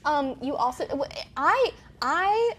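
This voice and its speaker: A woman's voice: high-pitched, sing-song, slow pace, a bit bright, slight background noise. A young woman co-hosting a bridal podcast, rambling and breaking off mid-thought. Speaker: bridal boutique staff, podcast co-host. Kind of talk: casual chat.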